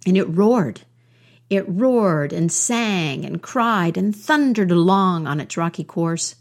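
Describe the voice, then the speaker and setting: Woman storyteller, low voice, very unhurried, gentle and measured. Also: animated. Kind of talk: oral storytelling.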